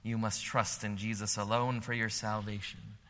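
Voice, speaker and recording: A man preaching a sermon in a church, swinging from hushed lines to loud, emphatic repetition. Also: fairly low pitch, level tone, moderate pace, long reverb tail. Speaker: pastor. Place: church sanctuary.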